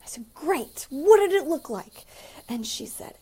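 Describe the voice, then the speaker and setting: Woman, relationship coach, gravelly fry, fairly high voice, animated, casual advice talk. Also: a little slow. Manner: animated, acts out quoted dialogue.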